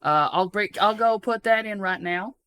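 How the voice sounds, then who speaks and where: A man's voice: high-pitched, normal speed, pushed and bright, clear, resonant tone, voice pushed up. A man voicing a folksy Southern steakhouse waitress who drawls and calls her customers sweetheart and darling. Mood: friendly. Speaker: game master voicing a character.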